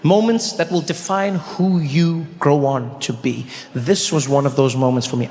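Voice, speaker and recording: A middle-aged man from South Africa doing stand-up comedy storytelling, animated and acting out characters with big pitch jumps, on a large theater stage. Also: normal speed, hardly any pauses. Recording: live hall with long reverb, faint ambience.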